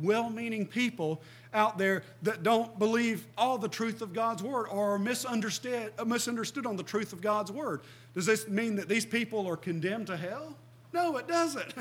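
A middle-aged man preaches with a high-pitched voice. He is earnest and emphatic, reads passages of scripture aloud and stops to ask his listeners questions. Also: normal speed, a bit bright. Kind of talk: sermon.

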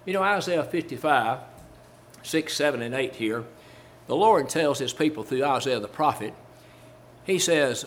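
A man's voice: mid-range voice, animated, a little slow, a little hiss or hum. A man preaching a sermon as a Baptist preacher, repeating phrases for emphasis, quoting old-style scripture and asking his listeners rhetorical questions. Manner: quotes King James scripture.

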